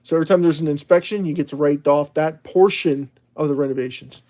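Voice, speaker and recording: A man hosting a livestream in a loose, rambling way, chatting with viewers and reading their messages aloud. His voice sits a little higher than most men's. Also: fast, mellow. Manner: rambling, chatty, with frequent restarts and laughs. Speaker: livestream host. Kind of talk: casual livestream talk reading out chat.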